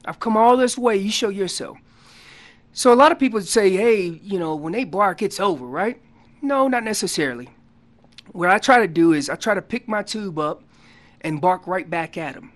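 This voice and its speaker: A man on a radio show explaining elk calls in a folksy, animated way, acting out what the animals are saying. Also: high voice, normal speed. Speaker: elk calling guest expert. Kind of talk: casual radio interview explanation. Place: radio studio.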